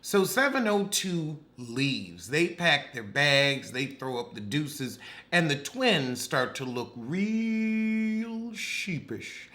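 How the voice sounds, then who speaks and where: A man's voice: on the high side, very animated, takes it slowly, pushed and bright. A man recapping a reality show with sassy, dramatic, cutting humor.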